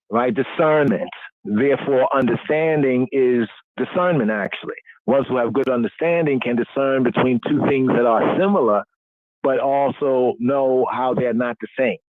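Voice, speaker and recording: A male podcast host lectures on scripture in a steady teaching cadence, circling back over his phrases and tagging them with "right?". His voice sits at a middle pitch. It comes through a thin, narrow phone-line sound with no room echo. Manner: repetitive teaching cadence, frequent "right?" check-ins. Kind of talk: call-in radio podcast teaching. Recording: dry tinny phone-line audio.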